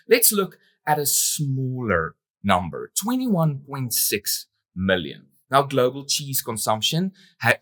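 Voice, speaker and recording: A man giving a keynote on stage, animated and emphatic, with playful asides to the audience. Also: dry recording. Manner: animated, emphatic, with sudden jumps in pitch and loudness. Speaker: event industry speaker.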